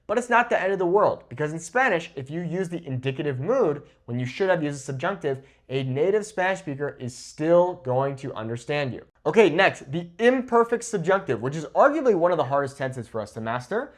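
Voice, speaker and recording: A young man gives a Spanish grammar lesson at a whiteboard in a fairly high voice. His pitch jumps around a lot as he talks, and he slows right down to say each example clearly. He checks in with his students after nearly every example. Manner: lively, repeats "okay?" after each example; slows down to model Spanish pronunciation. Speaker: Spanish teacher.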